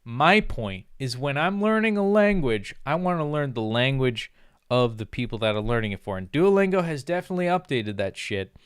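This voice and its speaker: A young man, ranting on a livestream in a loose, profane and sarcastic way. His voice is smooth and clear at a middling pitch, and he slips into mocking put-on snob voices now and then. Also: lively intonation, moderate pace, dry recording, clean studio sound. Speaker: streamer. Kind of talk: casual rant on a livestream.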